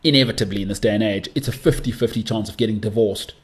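A man's voice: lowish voice, quick pace. A young man hosting a solo podcast, talking in a chatty, rambling way with mocking asides. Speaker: podcast host.

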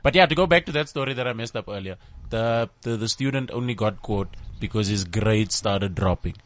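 A man's voice: lowish voice, a little fast. A man with a South African accent telling a loose, improvised story in casual podcast chat.

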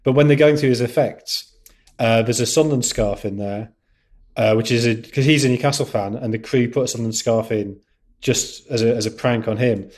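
A man chatting as a pundit on a podcast, animated, with frequent stumbling restarts. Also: medium pitch, normal speed. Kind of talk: casual chat.

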